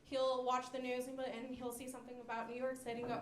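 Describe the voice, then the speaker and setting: A woman's voice: sits high, flat delivery, fast talker. A young woman performing a stand-up comedy set, telling self-deprecating stories with many fillers. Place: comedy club stage. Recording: roomy club sound with audience laughter.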